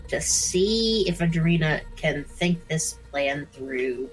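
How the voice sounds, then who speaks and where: A woman playing a tabletop game, animated and playful. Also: sits low, takes it slowly, soft background music, poor audio. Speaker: player.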